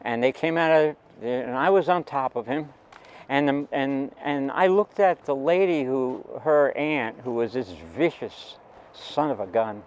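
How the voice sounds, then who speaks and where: Older American man, halting anecdotal storyteller, mid-pitched. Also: clean tone, low-quality recording. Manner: rambling, halting, with many restarts. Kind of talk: personal anecdote.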